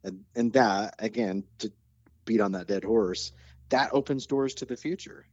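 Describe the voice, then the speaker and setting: Excitable man hosting a podcast. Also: on the low side, moderate pace, dry recording, muffled recording. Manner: animated storyteller, gets excited and nerdy. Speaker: podcast host. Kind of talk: casual chat.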